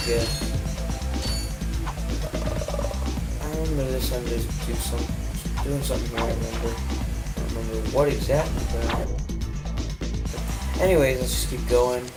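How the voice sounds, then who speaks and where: A man's voice: mid-range voice, poor audio. A man casually commenting on his gameplay, just woken up and yawning, rambling and joking to himself. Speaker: gaming channel host. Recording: loud game music behind.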